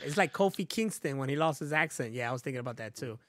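A man co-hosting a podcast in casual chat, joking loudly and swearing freely. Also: medium pitch, expressive, fast talker, no room sound. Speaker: podcast co-host.

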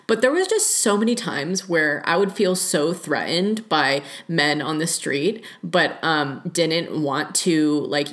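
A young woman hosting a casual solo podcast, talking candidly, laughing often and swearing freely. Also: sits low. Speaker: podcast host. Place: lives in rural Oregon.

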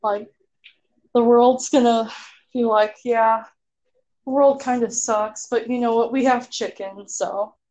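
Slow, giggly woman in casual chat. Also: a little high, steady tone, mellow. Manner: giggly, drawn-out, lots of fillers. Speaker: podcast co-host.

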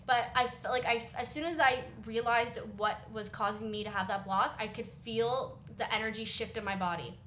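A woman tells a personal story in lively casual chat, quoting others as she goes. Her voice carries a roomy echo. A faint hiss sits behind it. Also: fairly high pitch, a little fast, few pauses. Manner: animated storyteller who quotes others. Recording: roomy echo with light noise.

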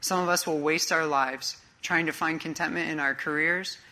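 A man's voice: on the high side, steady tone, normal speed, sharp tone. A man pastor preaching a sermon in an earnest, conversational way, full of rhetorical questions.

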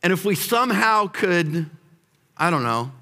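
A man preaching a sermon as pastor, moving between hushed prayer and shouted emphasis and repeating phrases as he builds. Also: high-pitched, big pitch swings, a little slow. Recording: long hall reverb.

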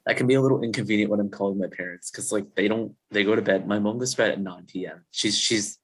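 A man's voice: on the low side, fast talker, breathy edge. A young man from Virginia, a podcast guest, chatting casually and rambling over a video call, with "like" in nearly every sentence. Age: young adult. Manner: relaxed, rambling, heavy use of "like". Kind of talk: casual chat. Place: dorm room.

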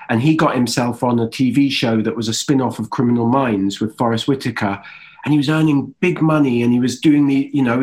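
A man in his thirties with an English accent, a guest actor chatting easily in an interview, telling stories with loose fillers. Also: medium pitch. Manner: relaxed, easygoing storytelling with fillers. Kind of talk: casual interview chat.

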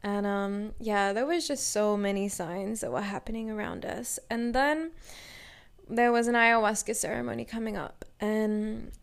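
A woman's voice: medium pitch, measured pace, creaky. A young adult woman casually telling a personal story, chatty and full of "like," acting out what people said to her. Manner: chatty, many "like" fillers, acts out quoted dialogue.

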